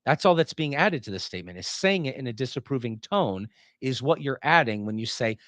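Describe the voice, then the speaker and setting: A man's voice: mid-range voice, lively intonation, a little fast, a bit bright, no echo. Guy teaching a class, voice jumps all over, keeps asking right?, dead dry sound. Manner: checks in with rhetorical questions; acts out example sentences in changing tones. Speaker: philosophy lecturer. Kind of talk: lecture reading and explaining a text.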